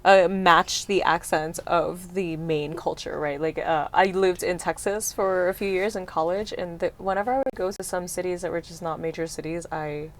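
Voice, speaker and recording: A woman's voice: fairly low pitch, steady tone. A woman hosting a casual panel chat, asking questions and telling chatty stories. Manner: chatty storytelling, quick laughs. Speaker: host.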